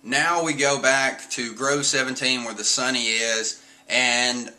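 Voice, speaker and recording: Male streamer, bright tone, chatty chapter recap that jumps into squeaky impressions. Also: slow pace, poor audio. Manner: animated, jumps into squeaky voices for quotes. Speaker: host reviewing manga chapters. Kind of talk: casual recap with quick character voices.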